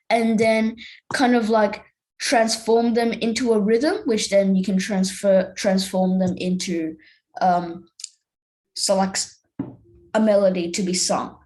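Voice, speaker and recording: Young woman, music theory teacher, slightly high voice, slow pace, casual and hesitant. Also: a little mellow, poor audio. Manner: casual, hesitant, many fillers. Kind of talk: online music theory lesson.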